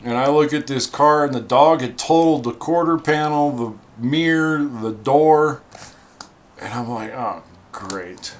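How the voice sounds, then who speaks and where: A man casually telling a funny personal story in a wry, animated way, acting out the other people's lines. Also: on the high side, measured pace. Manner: wry, animated, acts out quoted voices.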